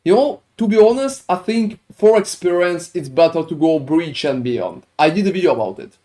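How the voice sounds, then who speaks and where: A man's voice: fairly high pitch, lively intonation, normal speed, warm tone. A man with a French accent, streaming a game and chatting casually with his viewers, rambling with lots of fillers. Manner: chatty, answers chat with filler-heavy rambling. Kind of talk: casual live-stream chat while gaming.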